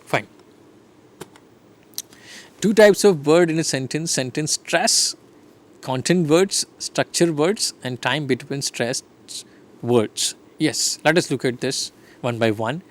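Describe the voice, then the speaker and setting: A man's voice: a little high, takes it slowly, pauses often. Man lecturing on stress. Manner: explains slide by slide, often checks in with "right?" and "fine". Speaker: English lecturer. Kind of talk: recorded online lecture.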